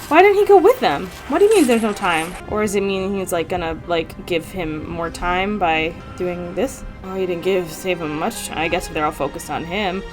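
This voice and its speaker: A woman hosting a reaction video, commenting casually and excitably, gasping and talking to the screen. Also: fairly low pitch, moderate pace, few pauses, music in the background.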